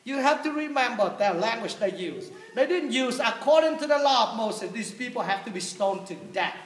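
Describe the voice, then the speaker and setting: Animated priest in an echoey church. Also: male voice, extremely high pitch, normal speed. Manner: animated storytelling with humor, shifting loud and soft. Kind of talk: homily.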